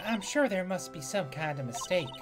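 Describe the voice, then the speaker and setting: A man's voice: sits high, expressive, normal speed, over music. A man voicing a demure young female student witness as a sugary Southern belle with a put-on Southern US accent in a comedic game dub.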